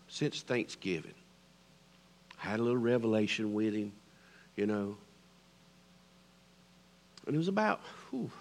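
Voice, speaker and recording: A middle-aged man with a Southern American accent preaching a sermon, swinging between loud declarations and hushed near-whispers. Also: medium pitch. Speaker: pastor.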